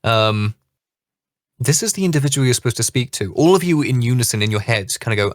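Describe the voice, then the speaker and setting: A man's voice: mid-range voice, animated, fairly quick, dry recording, clean studio sound. A man narrating a tabletop game as dungeon master in a loose, chatty way with fillers.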